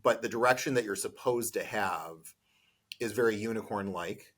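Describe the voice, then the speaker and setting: A man's voice: fairly low pitch, normal speed, fairly bright tone. A man hosting an interview podcast, asking questions in an enthusiastic, affirming way. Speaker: podcast host.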